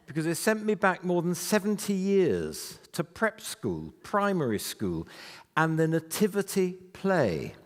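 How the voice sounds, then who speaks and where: A man's voice: on the high side, huge pitch swings, measured pace. A man in his eighties giving an anecdotal, self-deprecating talk about his life to a festival audience. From United Kingdom. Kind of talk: storytelling lecture to a live audience. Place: festival venue before an audience. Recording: reverberant hall.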